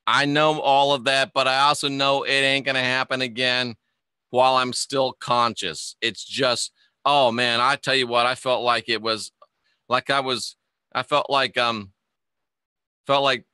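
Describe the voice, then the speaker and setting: A man's voice: mid-range voice, sharp tone, clean tone, no room sound, clean studio sound. A man hosting a live online show in a casual, rambling way, joking and laughing as he answers viewer comments.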